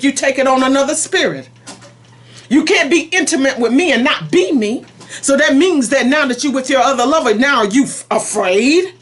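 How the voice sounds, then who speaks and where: Voicing God in a prophetic message, a high-pitched woman preacher pleads emphatically, her delivery swinging from soft to forceful.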